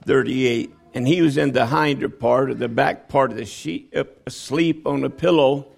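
A man preaching a sermon, dropping low and quiet, then rising into loud, high pleading as he acts out the voices of people in the story. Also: normal speed, vocal fry, soft background music.

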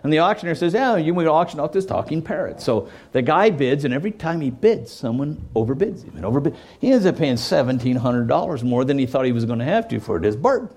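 A man's voice: on the high side, big pitch swings, quick pace, few pauses, a little mellow, breathy edge. A man preaching a sermon in a conversational way, often checking in with "okay?" and acting out quoted voices. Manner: acts out quoted voices and jokes. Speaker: pastor.

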